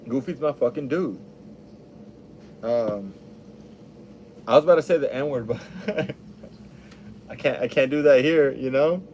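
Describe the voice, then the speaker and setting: A young man rambles through a casual, laid-back monologue, swearing freely as he goes. His voice sits at an ordinary middle pitch. A faint hiss of background noise runs under the recording. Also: unhurried, pauses often, a little mellow.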